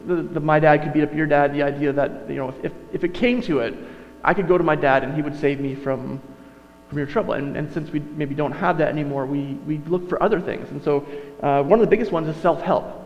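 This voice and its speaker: Male pastor, casual sermon, fairly high voice, long reverb, dull sound with faint hum. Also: brisk. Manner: conversational, self-correcting, with asides.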